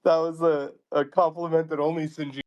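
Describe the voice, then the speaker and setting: A man's voice: a little high, flat delivery, fairly quick, darkish tone, lo-fi sound. A man hosting a podcast, teasing his guests and laughing often. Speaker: podcast host. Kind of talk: casual chat.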